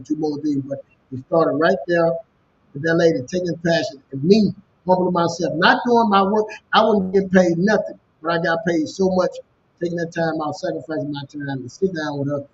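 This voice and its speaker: A man with a Louisiana accent, a co-host telling a personal story in casual, animated talk. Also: fairly high pitch, brisk, highs cut off, a little hiss or hum. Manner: animated storyteller, repeats "you know what I'm saying". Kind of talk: storytelling chat.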